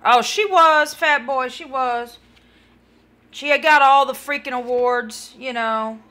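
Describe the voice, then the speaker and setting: A woman's voice: sits high, slow pace, bright, forceful tone. A woman chatting casually on a live stream, tired and yawning, rambling and talking to chat viewers by name.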